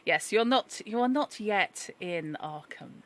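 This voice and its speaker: A woman's voice: mid-range voice, animated, slow pace. A woman narrating a tabletop horror game as game master, wry and joking, with frequent fillers.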